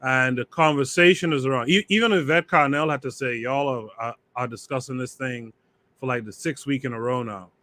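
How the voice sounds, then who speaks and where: A man's voice: medium pitch, fairly quick, fairly bright tone. A man hosting a podcast livestream, speaking conversationally as he sets up topics and reads from the chat. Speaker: podcast host.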